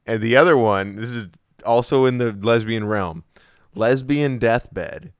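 A man's voice: fairly low pitch, fairly even intonation, moderate pace, clear, resonant tone, no room sound, studio quality. A young man chatting crudely on a podcast, rambling with many restarts. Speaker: podcast co-host. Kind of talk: casual chat.

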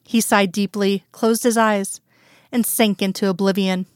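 A woman narrating a romance story aloud in a calm, even storytelling manner. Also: medium pitch, unhurried, clean tone, no room sound, clean studio sound. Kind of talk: reading romantic fan fiction aloud.

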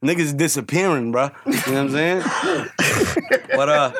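Casting note: New man in his 30s, high voice, loud profane podcast storyteller, faint hiss behind. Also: very animated, moderate pace, gravelly. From New York. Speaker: podcast host. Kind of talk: casual chat.

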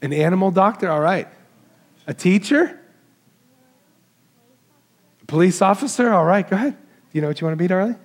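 A pastor with a high voice delivers a Christmas sermon in a conversational way. He walks through the congregation and asks the children questions. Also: brisk, pauses often. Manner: warm, conversational preaching, walks into the crowd asking kids questions.

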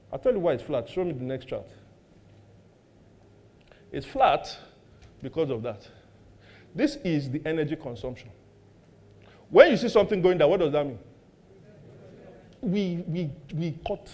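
A middle-aged Nigerian pastor preaching with a high, bright male voice. He talks in an animated way, fires questions at the congregation and jokes about his own home life. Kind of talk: sermon.

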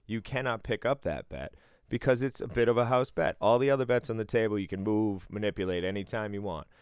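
Smooth-voiced man telling a profane story. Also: fairly low pitch, brisk, no room sound, studio quality. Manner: profane, animated storyteller who often acts out quotes. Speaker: podcast co-host telling a casino work story. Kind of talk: casual podcast storytelling.

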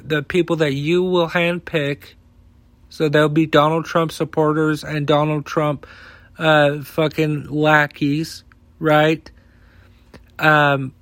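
A man's voice: on the high side, a bit bright, no echo. A man, hosting a heated, profane opinion rant that rambles. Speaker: podcast host.

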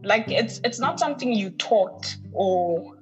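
A woman's voice: mid-range voice, expressive, measured pace, dull audio, soft background music. A woman from the North West, a podcast guest telling a personal story in a heartfelt, emphatic way and repeating words for weight. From North West, South Africa.

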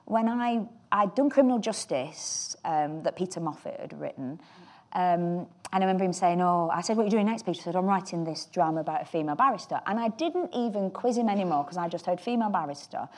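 A woman's voice: lowish voice, animated, fast. An actress with a Northern English accent, chatting in an interview and telling rambling anecdotes about her roles. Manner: chatty, anecdotal, trails off mid-sentence. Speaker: actress guest. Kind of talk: relaxed interview chat.

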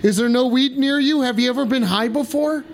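A man giving profane, excited comedic commentary while high, yelling and rambling. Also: fairly quick, gravelly, a little hiss or hum.

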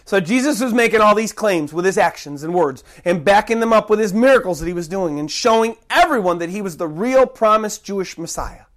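Preacher, sermon, middle pitch, emphatic, varied pace. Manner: emphatic, shifting pace with slow stressed phrases.

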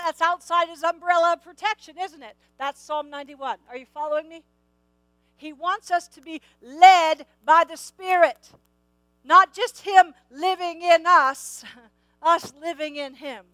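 High-voiced woman preaching emphatically. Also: pushed and bright, no room sound, poor audio. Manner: emphatic, repeats key phrases, asks the audience questions. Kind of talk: sermon.

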